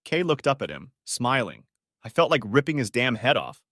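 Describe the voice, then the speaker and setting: A man's voice: medium pitch, big pitch swings, moderate pace, fairly bright tone, no room sound, studio quality. A man narrating a first-person audiobook story in a bitter, restrained way.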